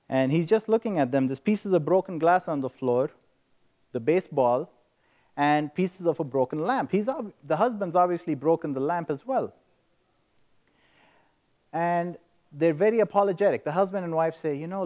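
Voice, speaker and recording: Guy on a conference stage telling a joke, casual, pretty high voice. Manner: casual, animated storytelling. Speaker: presenter. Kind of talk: telling an anecdote and joke in a presentation.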